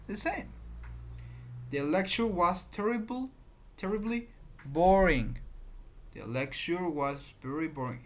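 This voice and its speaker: Slow teacher. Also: mid-range voice. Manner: repeats patterns, explains with examples. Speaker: English teacher. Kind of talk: grammar lesson.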